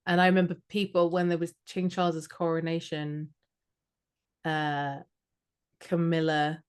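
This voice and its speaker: A British woman co-hosting a podcast, chatting in a rambling, jokey way. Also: deep voice. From Britain. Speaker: podcast co-host. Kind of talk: casual chat.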